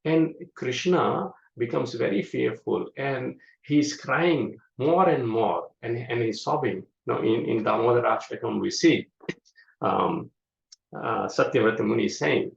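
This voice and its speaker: A man teaching a scripture class, explaining slowly with many fillers. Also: medium pitch, vocal fry. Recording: echoey room, dull lo-fi sound.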